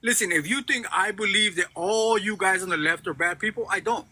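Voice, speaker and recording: Husky high-voiced caller guy, blunt and heated, swears a bit. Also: brisk, pushed and bright, dry recording. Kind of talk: heated political debate.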